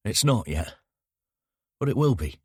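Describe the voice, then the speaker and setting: Brief: a man playing a haunted, sardonic detective with a very deep voice and a lively, swinging delivery. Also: unhurried, slightly rough, dry recording, studio quality, heavily acted. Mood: hushed. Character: haunted adult male detective, wry and calm.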